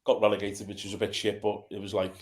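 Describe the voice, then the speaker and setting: Blunt English ex-footballer chatting. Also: male voice, fairly low pitch, completely flat delivery, fast. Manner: blunt, dry humour. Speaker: podcast co-host, former footballer. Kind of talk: casual chat.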